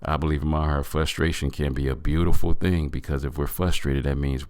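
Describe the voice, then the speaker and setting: A man's voice: very deep voice, little pitch movement, a little fast, few pauses, darkish tone, smooth, no echo. A man hosting a podcast, giving an earnest motivational talk and calling his listeners family. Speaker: podcast host.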